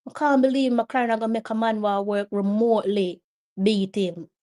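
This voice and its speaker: A woman's voice: mid-range voice, steady tone, a little fast, mellow. A woman with a Jamaican accent hosting a live watch-along of a football match. She gives emotional reaction commentary, pleads with the players and slips between Patois and English.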